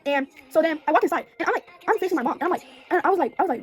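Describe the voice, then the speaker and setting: A young woman tumbles through a personal story at a rapid clip, her voice sitting high. She rambles, circles back and strings on fillers. Music plays in the background. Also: big pitch swings. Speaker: vlogger. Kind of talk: get-ready-with-me storytime.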